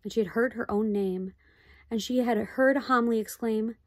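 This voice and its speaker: A woman reading a children's storybook aloud in a gentle, expressive way. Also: a little high, normal speed, no room sound.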